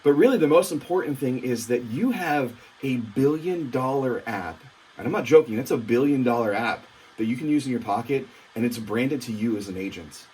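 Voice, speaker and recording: A man's voice: medium pitch, expressive, normal speed, darkish tone, breathy edge. A young man, an upbeat real estate technology trainer, giving an emphatic walkthrough with lots of fillers.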